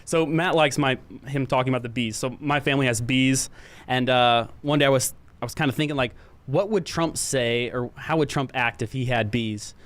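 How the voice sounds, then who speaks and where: A man on staff filling in as co-host, chatting casually in a measured, agreeable way with some hesitant fillers. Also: medium pitch, a bit bright. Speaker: staff member and guest co-host. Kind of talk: casual chat.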